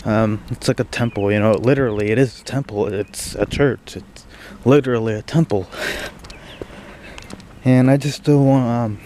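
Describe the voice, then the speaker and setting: A young man vlogging outdoors in the snow at dawn, talking quietly and hesitantly with many fillers, shivering and breathing heavily. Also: mid-range voice, steady tone, moderate pace, slight background noise. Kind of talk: casual vlog talk to camera.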